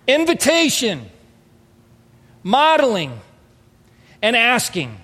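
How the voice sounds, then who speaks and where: A pastor in his thirties preaching an earnest, emphatic sermon, moving between soft storytelling and raised exhortation. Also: high-pitched, animated, normal speed, long pauses. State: emotional, near tears. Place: church hall. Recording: reverberant hall.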